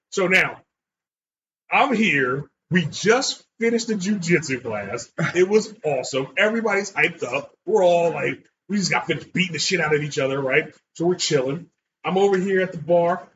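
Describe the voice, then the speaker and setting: A man's voice: fairly high pitch, moderate pace. A man telling a bar story casually, acting out voices and swearing freely. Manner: animated, acts out voices in quotes, swears freely. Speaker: podcast co-host telling a story. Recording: dull lo-fi sound with clear background noise.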